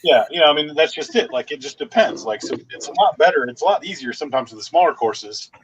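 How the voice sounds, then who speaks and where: A man's voice: a little high, animated, fast, highs cut off, a little hiss or hum. A man hosting a podcast in casual chat, rambling and telling stories loosely. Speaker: podcast host.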